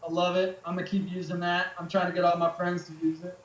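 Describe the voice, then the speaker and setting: High-voiced laid-back man telling stories. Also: completely flat delivery, fast, reverberant, low-quality recording. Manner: laid-back, swears freely, many fillers. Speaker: podcast guest, military veteran. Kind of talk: casual storytelling chat.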